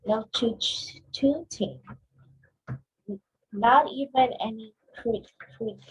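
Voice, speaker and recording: A woman's voice: on the high side, slow, a little mellow, slightly rough, highs cut off. A woman reads a picture book aloud at a book club, expressively acting out the sound effects.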